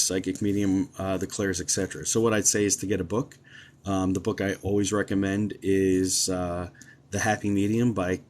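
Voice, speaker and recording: A man with a notably low-pitched voice talks to his live-stream viewers in an easygoing, rambling way. He leans on fillers like um and uh as he tells stories as a psychic medium. His delivery is conversational and unscripted. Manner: chatty, relaxed, many ums and uhs. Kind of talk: casual live-stream chat and storytelling.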